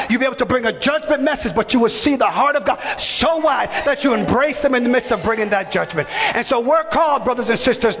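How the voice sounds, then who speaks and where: A man preaches a sermon in a church, his voice sitting very high. He preaches emphatically, often shouting and calling on the congregation to answer. The sound rings with the long reverb of a big hall. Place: church sanctuary.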